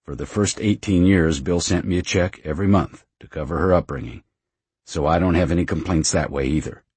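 A man's voice: sits low, fairly quick, darkish tone, husky, no room sound. A man doing a frank, worldly middle-aged mother. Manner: frank, matter-of-fact, wry.

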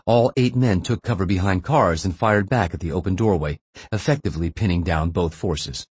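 A man reading a thriller audiobook in a steady, measured way. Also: low voice, husky. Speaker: audiobook narrator. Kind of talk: scripted thriller narration.

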